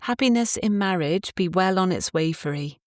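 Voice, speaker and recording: A woman's voice: fairly low pitch, lively intonation, moderate pace, no room sound, clean studio sound, pitched above the performer's own voice, natural voice. A woman voicing a cheerful, affectionate young Cornish wife in an audiobook, speaking in a lilting dialect. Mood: kind.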